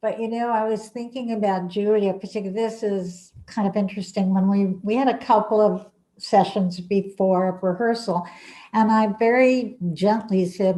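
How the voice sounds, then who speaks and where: A woman, a playwright, telling gentle anecdotes in an interview over a video call. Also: mid-range voice, steady tone, normal speed, rough recording. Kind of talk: casual interview chat.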